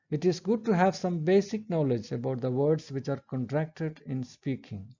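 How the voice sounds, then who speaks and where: Measured male lecturer, dull lo-fi audio. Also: on the high side, warm tone, slightly rough. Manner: measured, explanatory, reads examples aloud. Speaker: English language lecturer. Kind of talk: recorded lecture.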